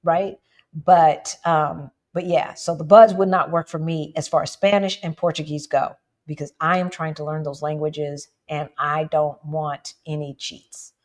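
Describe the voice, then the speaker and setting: A woman from the United States co-hosting a casual livestream, chatting with viewers and often asking "right?". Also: a little slow. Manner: animated, jumps up in pitch for emphasis. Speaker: livestream co-host.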